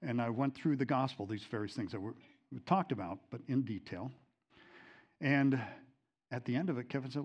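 Middle-aged male Bible teacher, lowish voice, casual storytelling delivery full of ums and restarts. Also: moderate pace, husky. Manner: conversational, many fillers and restarts; gets emotional telling a story.

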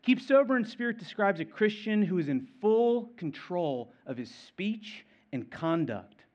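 A man preaching a sermon, stressing and repeating key phrases, swinging between loud and quiet. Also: sits high, very animated, measured pace, dull audio. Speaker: pastor.

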